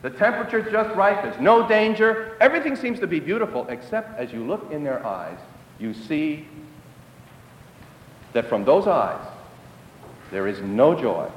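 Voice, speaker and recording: A man's voice: big pitch swings, unhurried, pauses often, slight background noise. Dramatic preacher man in an echoey hall. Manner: dramatic, drops to hushed lows for emphasis. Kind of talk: sermon storytelling.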